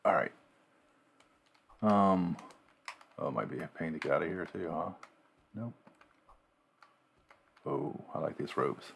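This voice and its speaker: A man's voice: low voice, expressive, measured pace, gravelly, pauses often, slight background noise. A man casually commenting on the game he is playing, mumbling and thinking aloud to himself. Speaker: gamer playing a game on video.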